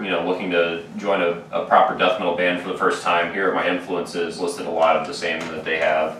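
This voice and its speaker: A man's voice: low-pitched, fairly even intonation, normal speed, bright, forceful tone. A man in his twenties, a band's drummer, telling stories in a rambling, laid-back way with many fillers in a casual podcast chat. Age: 20s. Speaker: band drummer, guest. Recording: roomy, distant mic with faint noise.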